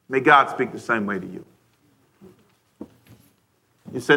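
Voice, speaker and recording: A man preaching a radio sermon, talking straight to the listeners with a stream of questions and now and then acting out a frustrated parent with a sudden loud outburst. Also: medium pitch, unhurried, pauses often. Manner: conversational, asks the listeners many questions.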